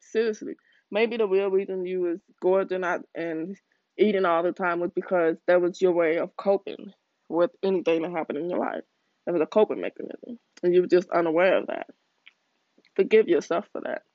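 A man's voice: sits high, no room sound. A man hosting a podcast, giving an earnest, slangy motivational monologue that often corrects itself along the way. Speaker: podcast host. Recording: dull, dry lo-fi audio.

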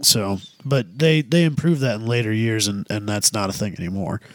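A man's voice: on the low side, normal speed, dry recording. A man co-hosting a podcast in casual chat, laid-back and rambling, with crude jokes. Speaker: podcast co-host.

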